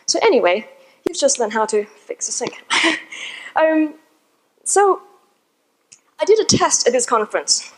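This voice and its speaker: A woman with a high, light voice speaks to a seated audience. She tells her story in a chatty, informal way, as if talking with friends, while still giving a talk from the front of the room. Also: big pitch swings, measured pace, long pauses, poor audio. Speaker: conference speaker.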